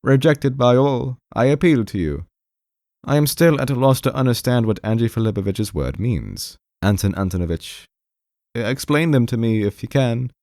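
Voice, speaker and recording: A man reading an audiobook voices a timid, anxious male clerk who pleads with a trembling voice, repeating the name of the man he's addressing over and over. His medium pitch swings widely, his pace is normal, and his tone is a little mellow. Pitched above his own voice and lightly acted, the reading is recorded in a clean studio with no room sound.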